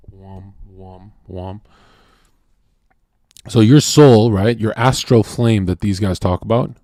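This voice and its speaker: A man hosting a livestream and talking to his chat in a blunt, profane rant that swings from shouting to low muttering. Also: vocal fry, no room sound, studio quality.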